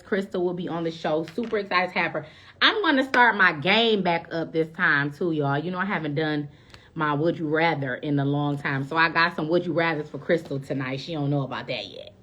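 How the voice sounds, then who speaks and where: A woman's voice: low voice, moderate pace, a bit bright. A woman hosting a live-stream show, chatting casually and greeting her viewers by name with bubbly, effusive energy.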